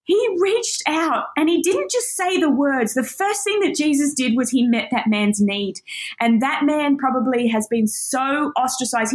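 An earnest woman teaches from scripture in a fairly high voice. She is emotional and close to tears, and her words carry deep feeling. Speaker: Bible teacher. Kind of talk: teaching on a Bible passage.

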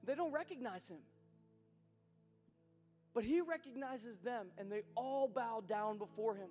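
A male pastor tells the story in a conversational, animated way. His voice sits very high for a man. The sermon rings in a long hall reverb with soft instrumental music underneath. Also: unhurried.

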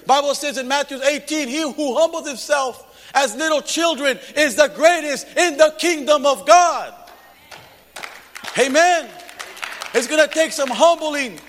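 A man preaching a fervent Pentecostal sermon, giving testimony and shouting rebukes and calls to the congregation. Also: extremely high pitch, a little hiss or hum. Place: church hall. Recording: long hall reverb.

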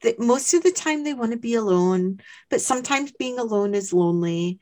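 A woman's voice: fairly high pitch, animated, moderate pace, a little mellow. A woman co-hosting a folklore podcast in casual chat, asking questions and teasing her partner. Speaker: podcast co-host.

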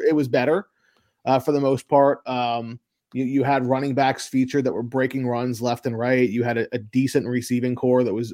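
A man talks sports on a podcast, opinionated and loose, doubling words as he works out his point. His voice sits at an ordinary middle pitch. The sound is dry and close, with no room around it. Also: a little mellow, dry recording. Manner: opinionated, repeats words while thinking. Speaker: podcast co-host. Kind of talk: casual sports talk.

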